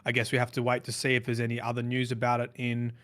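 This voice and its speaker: A man's voice: mid-range voice, monotone, fast talker, a bit bright. Reflective man chatting on a podcast. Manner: reflective, rambling with restarts. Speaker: podcast co-host. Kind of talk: casual podcast chat.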